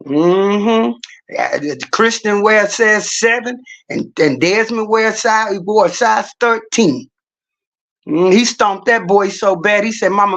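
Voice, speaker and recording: A woman's voice: mid-range voice, fairly bright tone. A middle-aged woman livestreaming, telling stories in a blunt, profane, casual rant.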